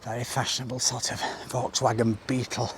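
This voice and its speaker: Man, wry vlogger, gravelly, outdoor handheld recording, street noise. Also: medium pitch, flat delivery, brisk. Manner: wry, self-mocking, chatty asides. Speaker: vlogger, tour host. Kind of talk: casual walking-tour narration and chat. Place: outdoors in a seaside village street.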